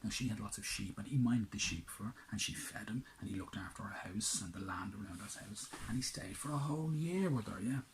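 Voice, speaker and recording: A man tells a children's tale in a low, hushed voice. He builds drama by dropping into whispers and then rising for the big moments. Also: fairly quick, hardly any pauses, slight background noise, low-quality recording. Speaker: storyteller. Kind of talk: children's storytelling.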